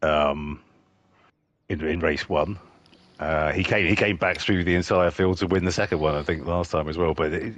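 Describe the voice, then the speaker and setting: Man, very low voice, jovial race commentator, chatty, laughs a lot. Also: fairly even intonation, moderate pace, fairly bright tone, dry recording. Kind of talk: casual live race commentary.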